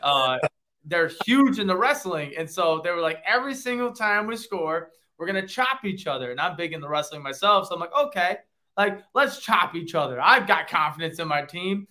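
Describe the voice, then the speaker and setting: A man with a high, bright, forward voice tells a story in loose, casual talk. He rambles and keeps correcting himself as he goes. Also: lively intonation, moderate pace.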